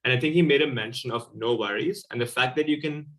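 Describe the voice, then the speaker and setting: A man's voice: medium pitch, quick pace, a bit bright. A man hosting an online panel chat over a video call, upbeat and laughing often. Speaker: host.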